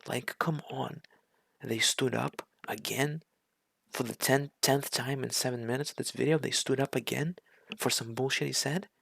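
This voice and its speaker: A man's voice: medium pitch, fairly even intonation, moderate pace, creaky, fairly bright tone, slightly rough, no echo. A man from Russia giving a ranting reaction commentary, incredulous and sarcastic, often stumbling over restarts.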